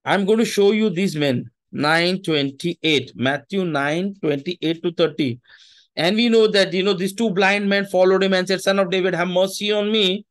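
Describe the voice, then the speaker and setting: A man's voice: high voice, moderate pace. A man preaching a sermon, emphatic and repeating his phrases, with Hindi asides.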